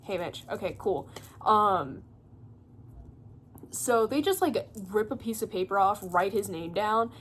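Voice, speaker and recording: A woman's voice: mid-range voice, a little hiss or hum. A young woman at home giving a rambling, profane, casual book recap full of fillers and laughter. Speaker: booktuber.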